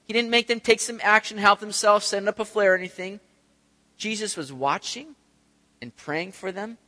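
Guy preaching a sermon, high voice, acts out the scene, big echoey hall. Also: moderate pace. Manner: animated storytelling, acts out voices of disciples. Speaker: pastor.

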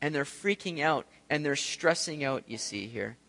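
A man preaching a sermon, telling the story with animated, acted-out scenes. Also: on the high side, normal speed, creaky, long reverb tail. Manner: animated storytelling, acts out voices of disciples. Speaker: pastor.

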